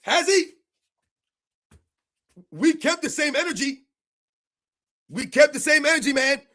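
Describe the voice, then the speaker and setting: Ranting about basketball on a live stream, this male sports streamer has a very high, bright voice with lively intonation and a forceful edge, though he speaks a little slowly. His manner is heated and mocking, and he repeats rhetorical questions again and again.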